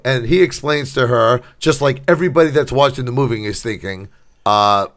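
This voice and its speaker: A man co-hosting a casual podcast, retelling a film plot with sarcastic asides and quick acted-out quotes. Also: medium pitch, fairly bright tone. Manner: sarcastic storytelling, acts out quotes. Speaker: podcast co-host. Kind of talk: casual chat.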